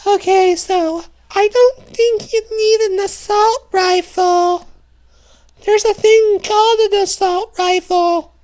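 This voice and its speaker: A man doing a mocking impression of a whiny, high-voiced man lecturing about guns. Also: darkish tone.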